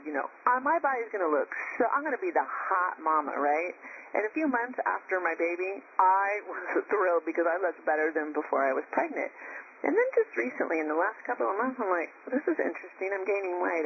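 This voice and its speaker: A woman's voice: sits low, dull audio, slight background noise. A woman leading a group call as its coach, telling personal stories in a chatty way and laughing at herself.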